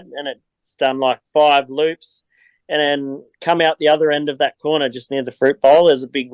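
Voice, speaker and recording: A man's voice: medium pitch, smooth, no echo, rough recording. An Australian man chatting as a podcast guest, telling rambling stories and laughing often. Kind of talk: casual chat.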